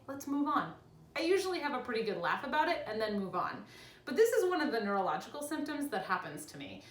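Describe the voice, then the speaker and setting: A young woman chatting casually in a vlog from her home, animated and quick to laugh. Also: fairly high pitch, recorded from a distance. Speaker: vlogger. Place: home room with cats. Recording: echoey room with faint ambience.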